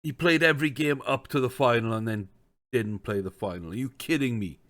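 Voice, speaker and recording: This gaming streamer plays a football management game on stream and chats casually through it in a let's-play style. His middle-pitched voice moves fairly quickly as he thinks aloud, sometimes slipping into exasperated rants.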